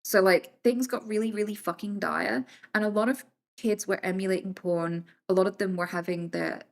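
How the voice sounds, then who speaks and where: A woman's voice: medium pitch, normal speed. A British woman streaming live, answering her chat casually and bluntly, swearing freely and moving between jokes and serious points.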